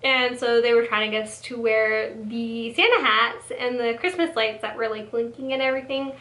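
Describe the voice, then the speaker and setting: Young woman, sassy rambling storyteller, bright high-ish voice, echoey room. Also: steady tone, normal speed. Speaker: storytelling vlogger. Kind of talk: casual storytime.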